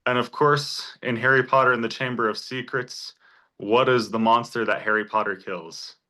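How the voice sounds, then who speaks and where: A man's voice: medium pitch, fairly even intonation, moderate pace, sharp tone. A man teaching a Greek class in a church classroom, explaining step by step and encouraging his students with examples. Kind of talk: informal class lecture.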